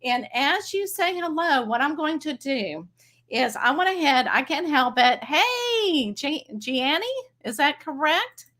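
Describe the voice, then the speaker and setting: A woman's voice: high voice, sing-song, measured pace, fairly bright tone. A woman with a Texas accent hosting a casual psychic livestream, chatty and bubbly, laughing easily as she greets viewers by name. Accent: Texan. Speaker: psychic medium livestream host.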